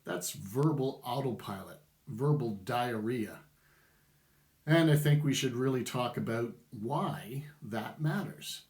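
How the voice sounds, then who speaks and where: A middle-aged man talks to camera in an unhurried, easy rhythm, sharing his opinions in casual commentary with a wry chuckle here and there. His voice sits at an ordinary pitch and sounds a little echoey, as if recorded in a bare room. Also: darkish tone. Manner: opinionated, conversational, chuckles wryly. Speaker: vlogger.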